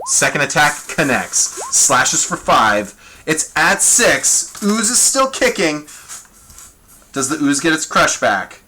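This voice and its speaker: A man running a tabletop monster fight on a live stream. His voice is bright and forward at a middling pitch. He talks casually and chattily, reasoning aloud about rules and rolls. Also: a little hiss or hum. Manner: thinking aloud, rolling dice and ruling on the fly; casual, chatty, self-amused. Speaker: game master.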